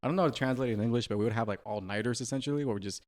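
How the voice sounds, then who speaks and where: Quick-talking man joking on a podcast. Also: mid-range voice, a little mellow. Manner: teasing and quick to laugh, many restarts. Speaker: podcast co-host. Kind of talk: casual chat.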